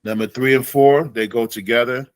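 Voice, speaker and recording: A man teaching an Islamic studies class in a relaxed way, slowing down to demonstrate Arabic phrases. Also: mid-range voice, no echo, poor audio.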